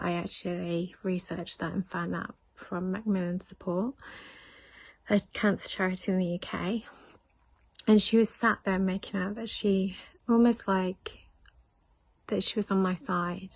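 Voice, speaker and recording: A middle-aged British woman recounting a painful personal story in a vlog, emotional and halting, often dropping to a near whisper. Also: medium pitch, steady tone, vocal fry, dry recording. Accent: British English. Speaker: vlogger.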